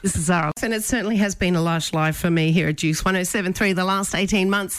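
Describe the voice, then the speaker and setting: A woman hosts a morning radio show, chatty and affectionate with her guests. Her voice sits on the low side and sounds close and dry in the studio. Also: quick pace, no echo. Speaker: radio breakfast host. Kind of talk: casual radio chat.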